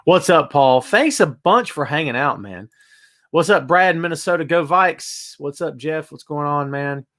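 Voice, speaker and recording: Greeting his viewers by name, a male host runs a casual live-streamed wrestling podcast from home, with a bass amp in the room. He sounds animated and a touch bright, with a voice on the high side at a moderate pace.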